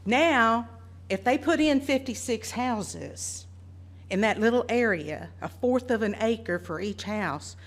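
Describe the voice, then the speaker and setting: A woman, speaking earnestly and deliberately as a resident during public comment at a meeting. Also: on the high side, animated. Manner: earnest, deliberate, listing details. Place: council meeting room.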